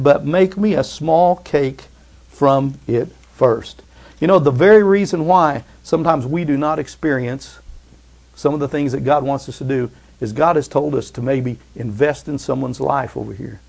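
A man preaching a sermon, emphatic, swinging from loud exclamations to hushed reassurance and calling for amens. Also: a little high. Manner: asks the congregation for amens.

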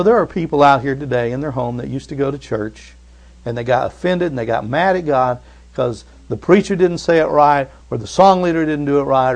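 A man preaching a sermon in a conversational way, retelling scripture and rising to loud emphatic bursts. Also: mid-range voice, creaky. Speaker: pastor.

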